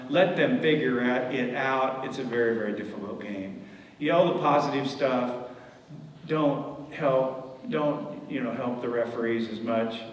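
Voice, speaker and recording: A man's voice: medium pitch, slight background noise. An older man giving a folksy storytelling talk as a guest speaker, acting out the dialogue in his anecdotes. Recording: echoey hall from far off.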